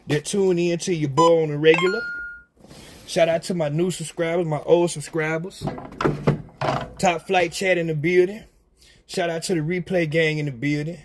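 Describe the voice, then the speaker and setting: Rambling middle-aged man streaming from work. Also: fairly high pitch. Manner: rambling, repeats "you understand what I'm saying". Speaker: livestream host. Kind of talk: casual livestream chat. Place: at work, walking around. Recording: loud vehicle noise behind.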